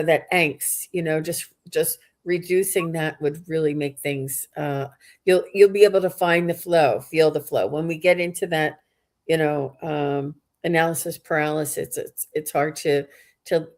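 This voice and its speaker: A woman's voice: sits low, fairly even intonation, unhurried, darkish tone. A woman hosting a live psychic reading stream, chatty and reading viewers' comments aloud.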